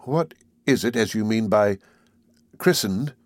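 A man doing a timid, quiet lonely weaver. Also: animated, unhurried, no echo, clean studio sound. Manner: hesitant, quiet, low-voiced. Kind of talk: audiobook character voice.

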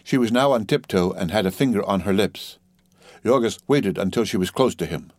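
A man narrating a novel as a steady, dramatic audiobook reading, lightly voicing the dialogue. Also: on the low side, fairly quick, dry recording, clean studio sound.

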